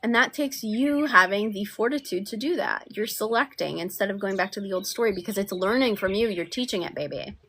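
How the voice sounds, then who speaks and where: A woman coaching viewers on manifestation in a soft, affectionate live-stream talk, often sinking to near-whispers. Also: mid-range voice, a little fast, hardly any pauses, husky. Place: outdoors.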